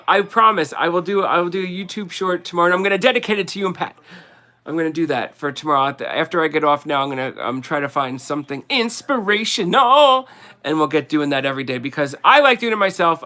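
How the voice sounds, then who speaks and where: A man's voice: fairly high pitch, bright, forceful tone. A man with a New Jersey accent hosting a casual livestream, rambling and chatty and laughing often as he sells collectibles. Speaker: livestream host selling collectibles.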